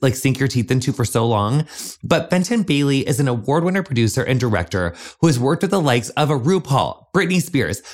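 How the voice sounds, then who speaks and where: Gushing male podcast host. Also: mid-range voice. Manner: gushing, says "honey" and "gorgeous" often. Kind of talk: podcast introduction, chatty.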